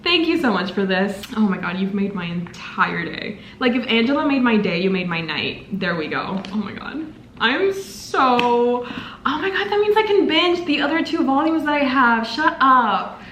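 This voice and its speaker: Unboxing book gifts for her vlog, a woman in her twenties speaks at a moderate pace in a slightly high, fairly bright voice with big pitch swings, gushing and exclaiming dramatically. The room echoes, with faint ambience and a little hiss or hum in the background.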